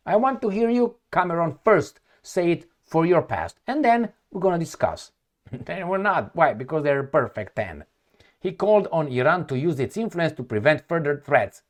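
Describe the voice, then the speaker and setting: A man comments on the news in a loud, mocking tone. His pitch swings widely and sits a bit high for a man. He keeps breaking off mid-phrase to hunt for the right word. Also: sing-song, normal speed. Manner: sarcastic, heated, mocking; searches for words, repeats himself. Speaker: political commentator. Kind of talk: reading news aloud and reacting.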